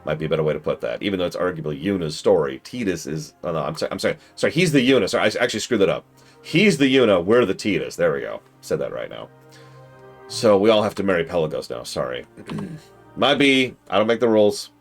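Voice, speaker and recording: A man streaming a game, rambling casually with self-corrections and excitable asides. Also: sits low, quick pace. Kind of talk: casual gaming stream commentary. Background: game music.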